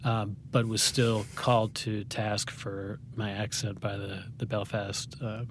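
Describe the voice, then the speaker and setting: American guy rambling through a story, lots of ums, lowish voice, faint hiss behind. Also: flat delivery, unhurried. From United States. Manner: rambling and self-deprecating, with many fillers and restarts. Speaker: guest playwright. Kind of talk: conversational interview.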